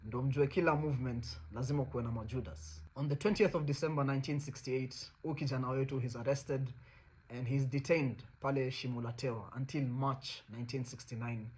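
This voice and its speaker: A man's voice: mid-range voice, steady tone, a little fast, breathy edge. Kenyan man telling a history story. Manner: switches between Swahili and English mid-sentence. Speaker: host.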